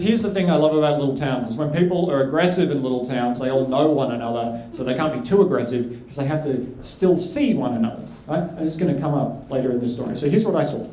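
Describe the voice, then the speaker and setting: A man with an Australian accent doing a stand-up routine, telling a story with animated delivery on a comedy club stage. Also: on the high side, slight background noise. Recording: echoey club room.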